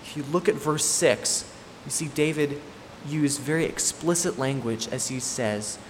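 A man's voice: a little high, a little slow. Male preacher, emphatic and repetitive, long hall reverb with faint room hiss. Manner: emphatic, repeats key points. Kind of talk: expository sermon.

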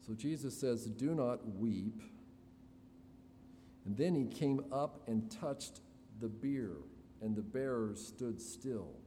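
Slow-speaking male preacher in a hall. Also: medium pitch, mellow. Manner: slow, deliberate preaching with dramatic pauses. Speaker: pastor. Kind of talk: expository sermon. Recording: reverberant hall, faint room noise.

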